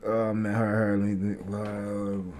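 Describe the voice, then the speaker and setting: A man casually reacting to sports footage for his viewers, excitable and repeating himself as he breaks down technique. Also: on the low side, slow pace. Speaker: reaction streamer.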